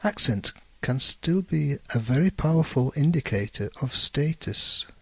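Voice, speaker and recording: A man with a Northern English accent giving a measured lesson, careful and correcting himself now and then. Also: mid-range voice, expressive, breathy edge, dry recording. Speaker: English teacher. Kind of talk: scripted explanatory lecture.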